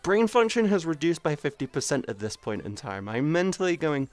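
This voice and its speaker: Excitable woman streamer, smooth voice. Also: low voice, a little fast, few pauses, no room sound, faint music behind. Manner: excitable, expressive, swears freely. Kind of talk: casual live-stream chat.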